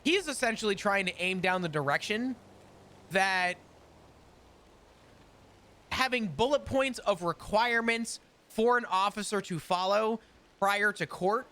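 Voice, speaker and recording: A man's voice: sits high, a little slow, pauses often, bright, forceful tone. A man in casual roleplay chat, rambling through long explanations and laughing often. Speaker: roleplay character in a court case.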